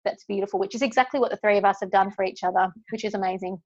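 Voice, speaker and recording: A woman's voice: medium pitch, racing. Teary woman host on a podcast, gushing and heartfelt, kinda dull lo-fi audio. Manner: heartfelt and effusive. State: tearful. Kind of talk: emotional podcast conversation.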